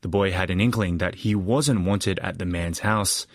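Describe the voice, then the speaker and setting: A man's voice: sits low, moderate pace, dry recording, clean studio sound. A man hosting a radio book show and narrating a story in a scripted reading. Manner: expressive, wide-ranging reading.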